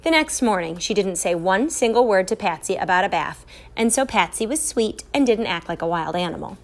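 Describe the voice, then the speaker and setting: A woman reading a children's story aloud in a lively, expressive way. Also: mid-range voice, a little fast. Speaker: reader.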